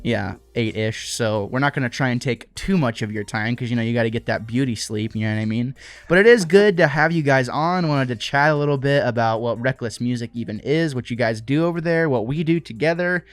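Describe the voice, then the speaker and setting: A man's voice: mid-range voice, fairly quick, no room sound. A man hosting a podcast interview over a video call, chatting in a jokey, self-deprecating way. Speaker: podcast host. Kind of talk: casual interview chat.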